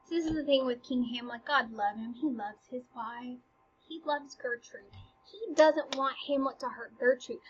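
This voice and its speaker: A woman's voice: high-pitched, moderate pace, slightly rough. A woman explaining a play in a casual, chatty way, putting it in slangy everyday terms with frequent ums, on a slightly muffled lo-fi recording. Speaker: teacher.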